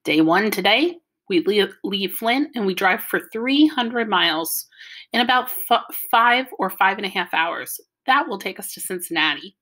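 A woman reading an audiobook, voicing a mother who calmly reads out a carefully organized plan for a family road trip. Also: medium pitch, moderate pace. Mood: planning. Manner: orderly, matter-of-fact, explaining.

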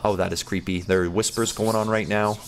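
A young man giving casual, goofy commentary while playing a game, chatty and quick to laugh and react. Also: on the low side, steady tone, a little hiss or hum. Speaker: gaming YouTuber.

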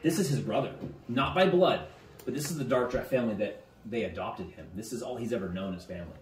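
A man narrating a tabletop game as game master, halting now and then and repeating words. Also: medium pitch. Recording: roomy, distant mic, faint music.

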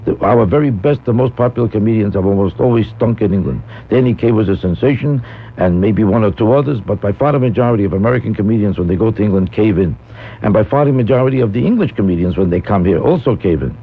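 A man's voice: lowish voice, expressive, quick pace, slightly rough. A man doing a rambling comic monologue as a guest radio host, telling a story. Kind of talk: radio talk show storytelling. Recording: tinny phone-like old radio broadcast.

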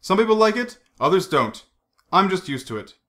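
A man's voice: high voice, sing-song, normal speed, pushed and bright, voice pushed up, full character voice. A man reading aloud, voicing a self-assured young woman who speaks in a light, teasing way at a fancy dinner. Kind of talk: audiobook character reading.

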